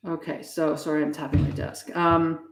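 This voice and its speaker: Female streamer, lower register, profane and blunt with chat, roomy echo. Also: flat delivery. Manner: profane, blunt and fast-shifting. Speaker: live streamer. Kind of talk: casual live-stream chat with viewers. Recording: echoey room.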